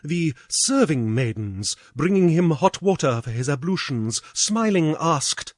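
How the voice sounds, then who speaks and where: A British man reads an old storybook aloud in a measured, expressive way. His voice sits a little high and moves widely in pitch. The recording is dry and close, with no room sound. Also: no echo. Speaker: audiobook reader. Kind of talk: storybook narration.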